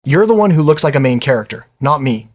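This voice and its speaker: A man's voice: medium pitch, sing-song, fast talker. A flustered, protesting teenage boy, read by a man. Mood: defensive. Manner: defensive, protesting. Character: flustered teenage boy, reluctant fake boyfriend.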